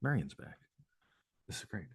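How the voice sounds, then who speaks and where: A man's voice: normal speed, dry recording, studio quality. A man hosting a live show, talking casually in a rambling way, swearing and laughing often. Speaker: host.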